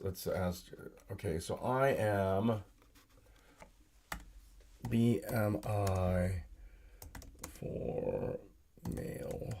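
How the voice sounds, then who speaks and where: A low-voiced man hosts a solo live stream from his desk. His voice is tired and sore from yelling all day at work. He rambles, trails off, and fills the gaps with ums and uhs as he fiddles with his computer. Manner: rambling, filler-heavy, self-talk while using the computer. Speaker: podcast host. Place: home desk with laptop and monitor.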